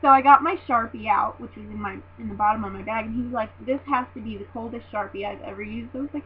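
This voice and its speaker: A woman's voice: a little high, fast talker, few pauses. A young woman eagerly recounting a live wrestling show in a casual vlog, gushing and giggly as she tells it. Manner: gushing, excitable, giggly fangirl. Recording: tinny lo-fi phone-like audio with faint hum.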